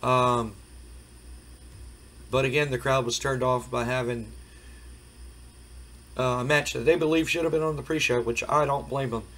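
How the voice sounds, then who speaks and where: A hoarse man casually commenting on a wrestling management game, rambling with many fillers. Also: mid-range voice, fairly even intonation, moderate pace, long pauses, fairly bright tone, low-quality recording. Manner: rambling, frequent fillers, recapping results. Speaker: game streamer. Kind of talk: casual let's play commentary.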